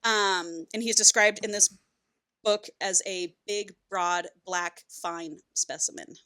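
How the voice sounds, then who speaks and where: A woman's voice: mid-range voice, steady tone, slow, bright, forceful tone. A woman co-hosting a podcast, casually recapping a book and acting out its characters' lines, with frequent swearing. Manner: swearing, acts out characters' lines in a chatty retelling. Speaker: podcast co-host.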